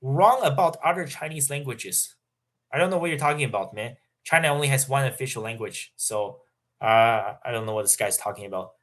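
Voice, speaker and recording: A young man hosting a livestream, reading out viewer questions and answering in a halting, filler-heavy casual way. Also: lowish voice, fairly bright tone. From Canada. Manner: halting, many fillers and restarts, laughs often. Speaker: livestream host. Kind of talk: casual livestream chat reading super chats.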